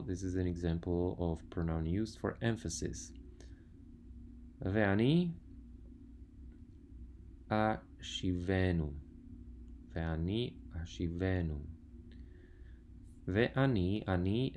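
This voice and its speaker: A man's voice: sits low, moderate pace, few pauses, mellow, slight background noise. A man teaching a language lesson, patiently listing words one by one and explaining grammar step by step. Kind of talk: slide lecture on grammar.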